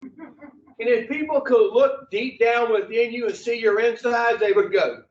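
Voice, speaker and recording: This recovery counselor has an extremely high pitch and talks a little slowly, giving a blunt, profane group lecture loaded with rhetorical questions. Recorded in an echoey group room, it sounds distant, muffled, roomy and dull.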